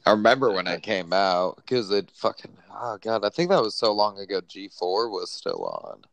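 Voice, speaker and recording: Very deep-voiced man, dry close sound. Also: normal speed, vocal fry, a bit bright, no room sound. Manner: rambling, profane, laughs a lot. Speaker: podcast co-host. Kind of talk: casual chat.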